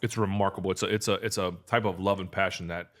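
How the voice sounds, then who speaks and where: A man in his thirties with a lowish voice, hosting a relaxed podcast conversation. He talks earnestly and rambles, restarting his sentences and leaning on fillers. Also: fast talker. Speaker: podcast host. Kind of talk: casual podcast chat.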